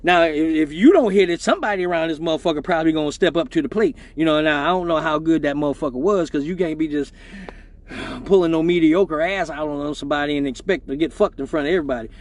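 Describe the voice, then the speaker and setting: Male livestream host, high voice, casual and profane storytelling, laughs a lot, repeats himself. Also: fast talker. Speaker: exotic dancer hosting a weekly live show.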